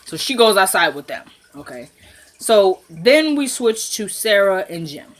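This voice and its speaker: A young woman recapping a TV episode in a casual, excitable vlog, full of slang and laughter. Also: mid-range voice, unhurried.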